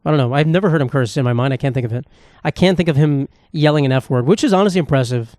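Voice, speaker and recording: Fast-talking profane young man. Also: fairly high pitch, darkish tone, no room sound, studio quality. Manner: rambling, profane, self-mocking. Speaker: podcast host. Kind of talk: casual solo podcast monologue. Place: home room with knickknacks.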